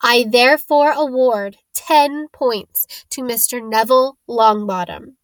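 A kindly old headmaster speaks with gentle, measured authority, as a woman reads him aloud. His voice stays calm and warm-hearted. The recording is dry. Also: fairly high pitch, no room sound, close to an everyday voice.

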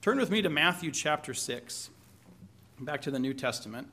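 A male pastor delivering a conversational sermon. His voice is bright and forceful, pitched a little high, and he mixes scripture reading with questions to the congregation and light humor. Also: lively intonation, moderate pace, slight background noise.

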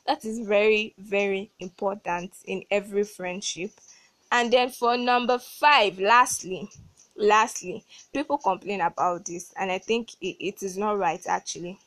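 Woman, young adult, podcast host, emphatic, repeats words, mid pitch, dry close sound. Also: steady tone, a little slow, fairly bright tone, no room sound. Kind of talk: solo advice podcast.

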